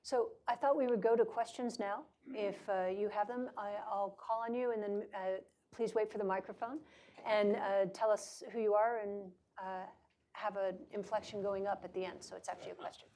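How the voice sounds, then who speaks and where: A woman's voice: medium pitch, fairly even intonation, moderate pace, darkish tone, slight background noise. A woman moderating a conference panel, posing probing questions in a conversational manner.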